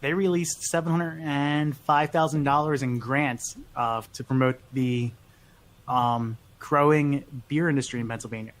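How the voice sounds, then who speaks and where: A man's voice: medium pitch, fairly even intonation, measured pace. A man co-hosting a casual podcast, passing along news plainly with some hesitation. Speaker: podcast co-host.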